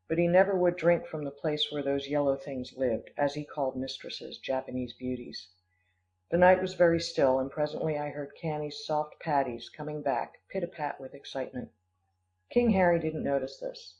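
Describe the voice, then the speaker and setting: A man narrating an audiobook in a measured, expressive storytelling manner. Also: fairly high pitch. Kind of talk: audiobook reading. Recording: dull lo-fi recording.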